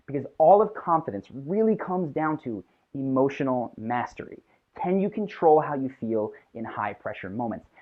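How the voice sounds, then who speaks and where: A confidence coach leads a guided self-improvement exercise in a relaxed, chatty way, tossing in "like" and "right?". The voice comes through thin and tinny, as if over a phone line. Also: mid-range voice. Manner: casual and conversational, with frequent "like" and "right?".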